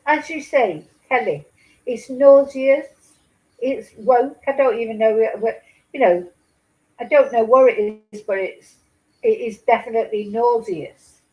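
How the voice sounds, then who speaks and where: A woman's voice: a little high, measured pace, lo-fi sound. A woman hosting a casual true-crime chat, talking emphatically and indignantly, repeating herself and swearing. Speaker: host.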